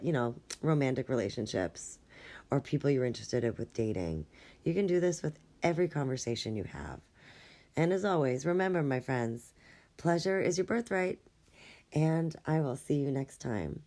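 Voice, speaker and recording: Woman, low voice, casual podcast host, relationship coach, chatty, keeps asking "right?". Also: a little mellow. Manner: chatty, frequent "right?" tag questions, laughs easily. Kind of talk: casual solo podcast advice.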